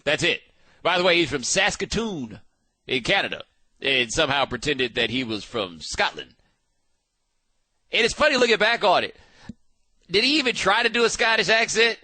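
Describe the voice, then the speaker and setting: Male sports radio host, casual and animated, bright tone, dry studio sound. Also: a little high, brisk, no echo. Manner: animated, riffing, frequent restarts.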